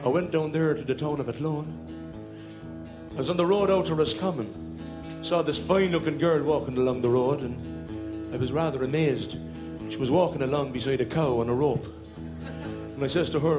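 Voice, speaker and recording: A male comedian with a slightly high voice spins stories on a hotel show stage, talking a little fast in a chatty, breezy style and singing short ditties along the way. It's live stand-up storytelling, recorded on stage with audience laughter and music around him.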